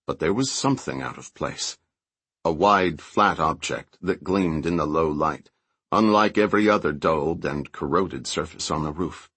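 Deep husky man narrating a thriller. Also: dry recording. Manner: steady, even storytelling. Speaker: audiobook narrator. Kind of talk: scripted narration.

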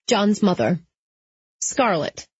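A woman voicing a gruff older woman, a blunt, grumbling faded witch in an audiobook. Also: mid-range voice, very animated, slow pace, dry recording, heavily acted. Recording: slightly dull lo-fi.

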